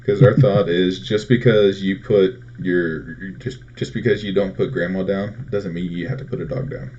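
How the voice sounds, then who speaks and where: A man's voice: low-pitched, normal speed, a little hiss or hum. A man co-hosting a casual chat, telling stories and acting out what others said. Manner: animated storyteller, acts out quotes. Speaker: co-host. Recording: dull lo-fi audio.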